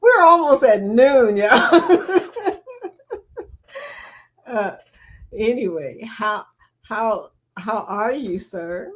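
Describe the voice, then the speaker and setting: A woman's voice: on the high side, expressive, very slow, long pauses. A middle-aged woman, hosting a casual livestream chat, reading viewer comments aloud and laughing often.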